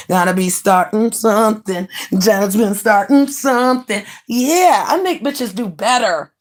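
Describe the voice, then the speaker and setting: A woman hosting her own livestream, ranting in a brash, profane, mocking way with sudden bursts of shouting. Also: medium pitch, lively intonation, moderate pace, few pauses. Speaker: livestream host.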